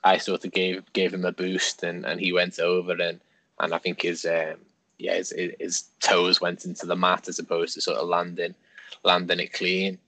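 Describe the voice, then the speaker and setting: A man, a wrestler guest on a podcast, explaining things in a measured way. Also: deep voice, completely flat delivery, pushed and bright, dry recording. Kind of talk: casual podcast talk.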